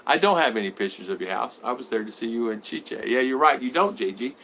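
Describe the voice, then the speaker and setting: A man chats casually on a home livestream. His voice is bright and forward, and he reads comments aloud, then answers them. He rambles, restarts his sentences and repeats his words. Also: medium pitch, lively intonation, a little fast, a little hiss or hum. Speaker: vlogger reading live chat.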